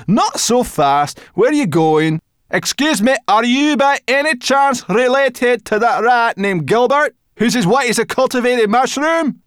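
A plucky young brownie girl, as a reader puts her on, bold and direct in the way she speaks. Her voice sits noticeably higher than a plain reading voice and carries loud, eager calls. The storybook recording is dry and close. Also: expressive, a little slow, clean tone, no room sound, lightly acted. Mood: urgent. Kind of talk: audiobook character voice.

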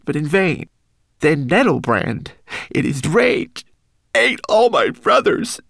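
A man voicing a small, timid male homunculus servant in a high, quavering, pleading voice, as an audiobook character. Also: vocal fry, no room sound. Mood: grieving, urgent.

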